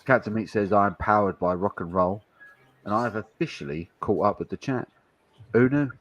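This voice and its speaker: A man's voice: fairly low pitch, normal speed, highs cut off. A man casually hosting a pub-style live stream, chatting easily and reading out viewer comments. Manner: easygoing, chatty, banters with viewers. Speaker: stand-in live stream host.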